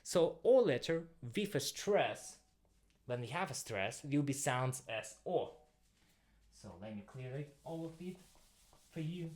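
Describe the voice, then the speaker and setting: A man's voice: fairly high pitch, lively intonation, measured pace, darkish tone. A young man with a Russian accent teaching an online language lesson, explaining step by step as he writes. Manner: explains step by step, writing on a board.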